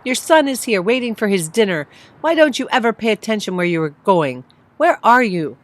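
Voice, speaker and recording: A woman's voice: low voice, expressive, normal speed, dry recording. A woman voicing an angry, frightened husband who scolds his wife over the phone. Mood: scolding. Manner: scolding, yelling.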